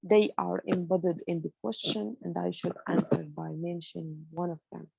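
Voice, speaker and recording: A woman's voice: lowish voice, flat delivery, normal speed, gravelly, a little mellow, breathy edge, no room sound, lo-fi sound. Woman teaching English grammar. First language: Arabic. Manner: explains in English mixed with Arabic, many fillers. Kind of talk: online lecture.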